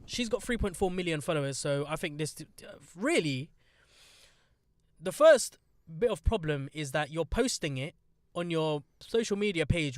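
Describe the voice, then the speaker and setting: A young man chats bluntly on a podcast, swearing and turning sarcastic. His voice sits high and the close mic sounds dry, with no room around it. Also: no echo. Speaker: podcast host. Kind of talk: casual podcast chat.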